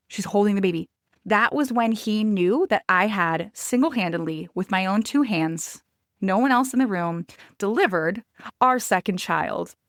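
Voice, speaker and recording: A woman in her thirties hosts a podcast and tells a personal story in her own voice. Her tone is emphatic and confiding, and she talks straight to her listeners. Her pitch sits mid-range and the audio is close and dry. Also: dry recording. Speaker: podcast host.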